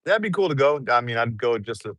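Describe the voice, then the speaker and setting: A young American travel vlogger chats casually in a mukbang-style eating vlog, laid-back and rambling with frequent chuckles. His mid-range voice swings widely in pitch, moves fast, and sounds a bit bright, with no echo.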